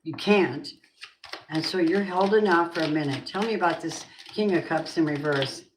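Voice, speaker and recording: A low-voiced woman reads tarot cards and muses aloud. She asks the cards and spirit questions as she goes. The sound is roomy with a faint hiss. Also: normal speed. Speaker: tarot reader. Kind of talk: tarot card reading. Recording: roomy echo.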